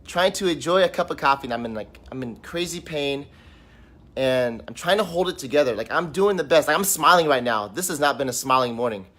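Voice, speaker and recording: A man's voice: a little high, animated, brisk, fairly bright tone. A man talking candidly in a personal vlog, sitting on a couch at home, in a raw, rambling, emotional way. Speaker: vlog host.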